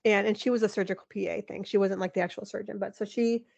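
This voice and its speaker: A woman in her forties, a podcast guest, telling a personal story in an animated, emotional way, with lots of "like" and some laughter. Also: medium pitch, fast, gravelly, lo-fi sound. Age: 40s. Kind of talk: candid interview storytelling.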